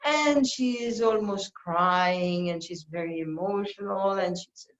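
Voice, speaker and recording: A woman leads a reflective scripture class, her unhurried sermon-style delivery earnest and deliberate, now and then slipping into little acted-out quoted exchanges. Her voice rings around a roomy space. The recording itself sounds dull and lo-fi. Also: medium pitch. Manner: slow, earnest teaching with playful acted-out quotes. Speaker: spiritual teacher giving a scripture class.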